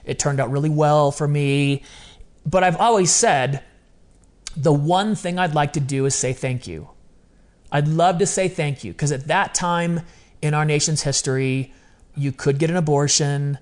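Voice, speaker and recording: Man, 50s, podcast guest, fairly high voice; expressive, conversational storyteller. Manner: animated, emotional storytelling with quick asides.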